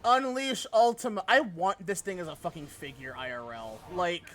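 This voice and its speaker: A man's voice: high voice, moderate pace. A young man streaming a game live, chatting casually, swearing freely and laughing often. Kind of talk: casual live-stream chat while gaming.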